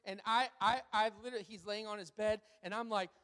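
A man preaching in a question-and-answer sermon. He sounds like a pastor chatting with his congregation, with a fairly high voice and lots of ums and restarts. His storytelling turns animated, and the sound carries the long reverb of a big hall. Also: fast. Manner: conversational, animated storytelling with frequent fillers. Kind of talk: sermon Q&A with personal stories.

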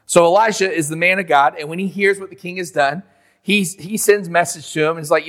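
A man's voice: on the high side, brisk, a bit bright, long reverb tail. A man preaching a sermon in a conversational way, acting out biblical figures in modern slang. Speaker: pastor.

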